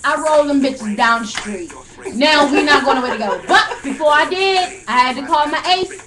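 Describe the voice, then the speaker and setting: A young woman telling a long story in casual chat, animated and profane, laughing often. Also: sits high, moderate pace, over music.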